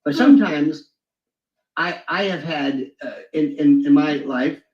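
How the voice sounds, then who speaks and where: A man telling stories as a guest, often breaking into mimicking voices. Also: measured pace. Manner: swings into high mimicking voices. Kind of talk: animated storytelling with impressions. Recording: echoey, dull lo-fi sound.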